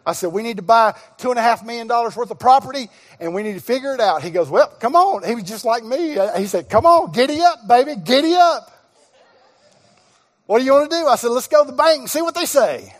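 A middle-aged male guest pastor preaching, telling a personal story with acted-out dialogue and sudden shouts. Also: very high-pitched, quick pace, few pauses. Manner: animated storyteller, acts out dialogue, bursts into shouts. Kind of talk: sermon storytelling. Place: church sanctuary. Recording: long reverb of a church hall.

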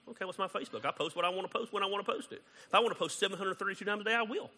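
A man preaching a sermon as pastor, conversational and animated, acting out quoted exchanges. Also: high-pitched, rapid-fire, long reverb tail.

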